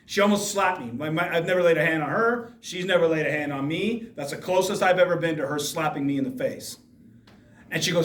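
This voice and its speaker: A man's voice: fairly high pitch, a little fast, fairly bright tone. A man giving an emphatic motivational talk to students in a school hall, firing rhetorical questions at the audience. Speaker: speaker addressing students. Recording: echoey room from far off.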